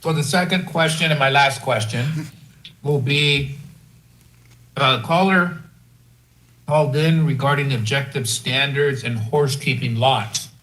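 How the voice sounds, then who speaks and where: A man on a city council, politely asking halting, informal questions at a meeting. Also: medium pitch, fairly bright tone, rough recording.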